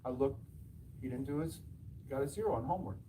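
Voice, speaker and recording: A man's voice: mid-range voice, fast talker, far from the mic, noisy background. Man telling stories from afar. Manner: animated anecdotes, acting out quoted dialogue with laughs. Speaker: martial arts school owner and instructor. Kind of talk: storytelling talk to an audience.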